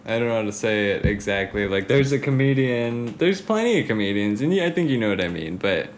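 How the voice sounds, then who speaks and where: On a comedy podcast, a male co-host with a fairly low, expressive voice chats casually at a brisk clip. He giggles, rambles, and often trails off mid-thought, with a little hiss or hum in the audio.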